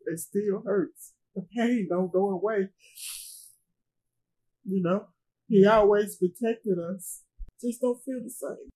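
A middle-aged woman, a grieving mother, speaking in an interview in a halting way, often repeating herself and trailing off. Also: medium pitch, dark tone, husky, poor audio. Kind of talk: emotional interview testimony.

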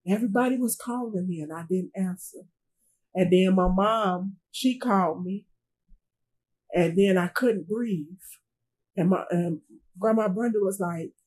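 A middle-aged woman, a grieving mother, speaking in an interview in a halting way, often repeating herself and trailing off. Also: mid-range voice, a little mellow, husky, low-quality recording. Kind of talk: emotional interview testimony.

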